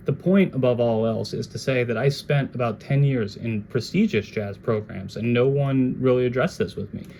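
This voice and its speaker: A man giving a casual jazz guitar lesson, talking in a relaxed, conversational way and now and then scatting melodies. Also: mid-range voice, a little hiss or hum.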